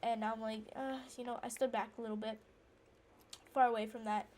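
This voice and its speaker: Chatty female gamer with a highish voice. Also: little pitch movement, fairly quick, darkish tone. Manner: rambling, indignant, full of fillers and restarts; breaks off to react to the game. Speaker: gamer telling a story while playing. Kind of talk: casual storytelling chat.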